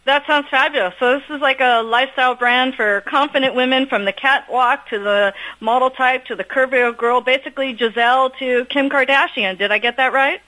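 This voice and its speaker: A woman hosts a live broadcast interview. She has a bright, sharp-edged voice and a bubbly manner, and she laughs easily as she puts her questions to the guest. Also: high voice, a little fast, few pauses, low-quality recording. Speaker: host.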